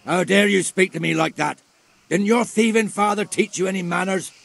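An actor playing a surly, crude village drunk who snarls insults, with a gravelly, husky voice. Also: male voice, high voice, normal speed, fairly bright tone, heavily acted. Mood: indignant.

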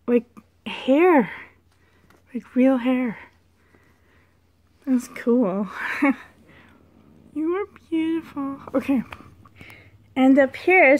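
A woman vlogger chatting casually as she shows off a doll's clothes, gushing and soft-spoken. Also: fairly high pitch, dry recording. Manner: gushing, slow, breathy asides. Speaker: reborn doll collector vlogger. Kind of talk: casual show-and-tell vlog.

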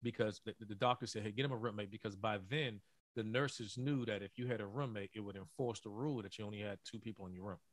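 A middle-aged man, a former college basketball player, telling an earnest story in a podcast interview, often halting and repeating words. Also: fairly low pitch, steady tone, no room sound.

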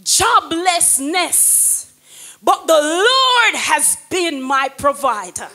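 Middle-aged female evangelist; very high, bright tone; fervent testimony sermon, hushed to shouting. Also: big pitch swings, drawn-out words. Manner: impassioned, swings from hushed to shouted praise.

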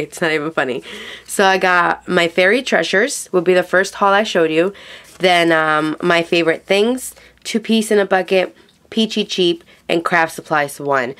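A woman with a slightly low voice talks casually through a craft haul on her vlog. She is sick with a cough, and she gushes and rambles with plenty of fillers. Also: a bit bright. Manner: chatty and gushing, full of fillers.

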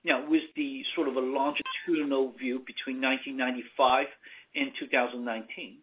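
A man presenting on management roles in a measured, emphatic way, pausing with fillers. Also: medium pitch, fairly even intonation, slight background noise. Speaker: consulting firm executive presenting. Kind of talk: webinar presentation. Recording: tinny phone-like line.

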